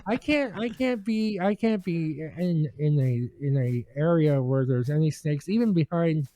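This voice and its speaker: A man with a high voice tells a story in casual podcast chat, stumbling over restarts and fillers and growing animated when he acts out what people said. The sound is dry and close, with no room around it. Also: no room sound. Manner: halting, with many restarts and fillers; animated when acting out quotes. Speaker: regular co-host telling a story.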